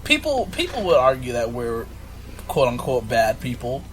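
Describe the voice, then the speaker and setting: A man's voice: medium pitch, huge pitch swings, moderate pace, crowd noise. A young man co-hosting a casual podcast chat, rambling and laughing often as he mimics the people he talks about. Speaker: podcast co-host.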